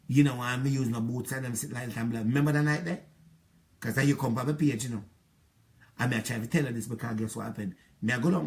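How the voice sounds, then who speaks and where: This middle-aged man speaks in a mid-range voice with noticeable vocal fry and a Jamaican accent. His monologue is a rambling, aggrieved retelling of an old relationship, colored by patois.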